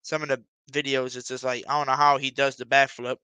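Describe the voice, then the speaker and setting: A young man hosting his own football fan video, talking to viewers in a casual, excited way. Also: mid-range voice, brisk, clear, resonant tone, no echo, low-quality recording. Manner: excited, addresses viewers directly. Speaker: sports fan video host.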